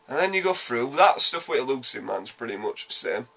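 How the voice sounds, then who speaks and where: A man with a Yorkshire accent giving a casual spoken game review, animated, blunt and sweary, rambling quickly through his points. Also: mid-range voice, vocal fry. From Yorkshire, England.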